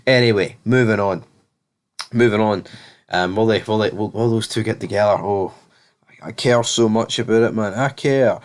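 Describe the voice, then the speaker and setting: A man's voice: on the low side, normal speed. A man hosting a casual TV episode review, rambling and blunt with lots of fillers. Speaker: TV review host.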